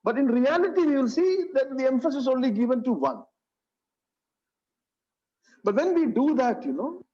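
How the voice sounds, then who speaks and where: A man's voice: very high-pitched, big pitch swings, moderate pace, long pauses, darkish tone. A man teaching a Bible study, earnest, repeating phrases and saying "you know" often. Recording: dull lo-fi sound.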